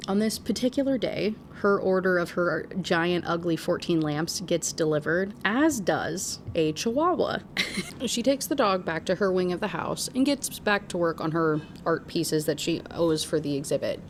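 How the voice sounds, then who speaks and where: A young woman recaps a story casually and candidly. Her voice sits a bit low for a woman. She drops sarcastic little asides as she goes. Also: lively intonation, normal speed, slight background noise. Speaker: book reviewer.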